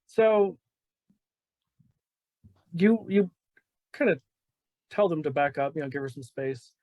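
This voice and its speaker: A man running a tabletop game as game master, enthusiastic and quick to laugh. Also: a little high, lively intonation, darkish tone, no room sound.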